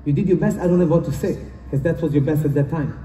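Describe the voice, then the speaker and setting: Here a slightly high, warm male voice moves fast through a motivational conference talk. The recording, made from far back in a roomy hall, carries a faint hiss or hum. He speaks earnestly, circles back to the same points, and his wording has a non-native feel.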